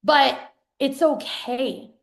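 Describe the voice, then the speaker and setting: Live streaming as a business coach, a woman in her thirties pitches her program and reads viewer comments aloud with chatty excitement and casual swearing. She drags out her words, and her voice has vocal fry.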